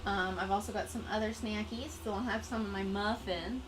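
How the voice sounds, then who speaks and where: A woman's voice: medium pitch, fairly even intonation, brisk. Woman streamer rambling casually, mid voice, bit of background noise. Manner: chatty, rambling, self-deprecating. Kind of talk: casual live-stream chat.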